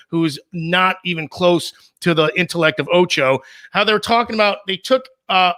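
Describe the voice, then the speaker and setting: Animated man, high bright rambling voice. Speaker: co-host. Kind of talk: casual live-stream chat.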